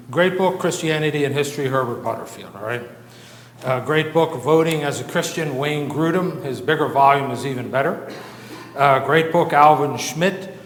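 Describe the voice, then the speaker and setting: A man's voice: medium pitch, a bit bright. A man giving an informal church lecture from an outline, talking conversationally with fillers and asides and often checking in with "okay?". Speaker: lecturer at a church Bible institute. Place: church hall. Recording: roomy hall echo, faint noise.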